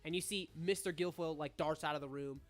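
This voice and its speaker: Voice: mid-range voice, fast talker, faint music behind. Rambling game master narrating a mystery. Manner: rambling, filler-heavy. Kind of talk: narrating a tabletop murder mystery.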